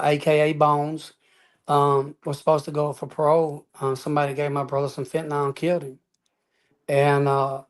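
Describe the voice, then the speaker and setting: Earnest man, slightly high voice. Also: smooth. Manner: earnest, emphatic, peppers speech with "man" and "y'all". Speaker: interview guest. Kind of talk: personal testimony storytelling.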